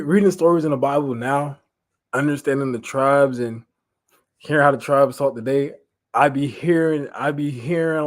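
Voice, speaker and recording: A man, leading an informal Bible study, animated and repeating phrases for emphasis. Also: mid-range voice. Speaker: Bible teacher.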